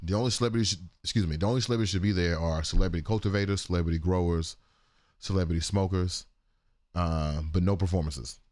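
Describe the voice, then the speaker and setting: A man's voice: deep voice, fast, a little mellow. A man co-hosting a casual morning livestream talk show, joking and profane in loose banter.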